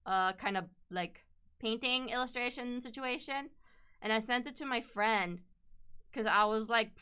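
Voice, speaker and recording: A woman's voice: medium pitch, sharp tone, smooth. A young woman streaming while she draws, rambling in casual chat, swearing freely and laughing often.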